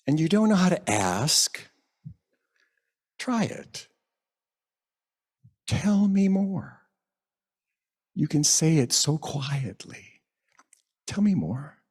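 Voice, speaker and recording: A man preaching a sermon at a church service, gentle and reflective, lingering over quoted phrases. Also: mid-range voice. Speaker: minister. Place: church sanctuary.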